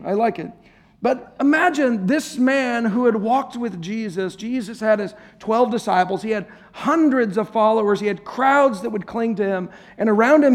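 A man preaching a sermon to a congregation in a church, conversational and playful, joking with his listeners. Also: high-pitched. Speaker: pastor. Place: church service before a congregation.

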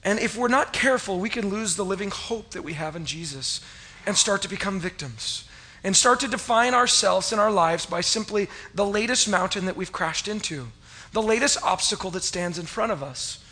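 A middle-aged man preaching a sermon as a pastor, telling stories and acting out his past self with loud, rising cries. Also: high voice, animated, moderate pace.

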